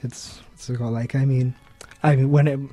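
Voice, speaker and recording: A young man hosting a radio interview, talking in a relaxed, rambling way and often murmuring agreement. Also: mid-range voice, moderate pace, soft background music. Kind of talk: casual interview chat.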